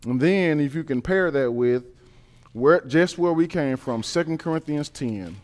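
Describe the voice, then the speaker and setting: A man preaching a sermon, reading scripture and building to emphatic, repeated points. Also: a little slow. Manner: builds from calm reading to loud, high-pitched emphatic preaching.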